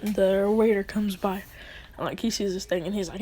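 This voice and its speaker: A woman's voice: mid-range voice, fairly even intonation, normal speed, dark tone, a little hiss or hum. A woman telling a fan story in a casual, rambling, slangy way.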